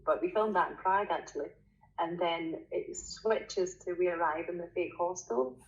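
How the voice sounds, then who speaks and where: A woman's voice: fairly low pitch, normal speed. A woman with a Scottish accent, a guest in a casual interview, talking bluntly and swearing freely. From Scotland. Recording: dull lo-fi sound with faint noise.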